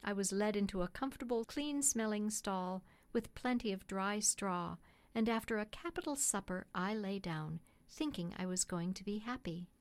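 Woman calmly narrating a classic story. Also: mid-range voice, moderate pace. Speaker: audiobook narrator.

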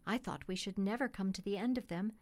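A woman narrating a classic storybook in a steady, gentle, measured way. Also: medium pitch. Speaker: audiobook narrator.

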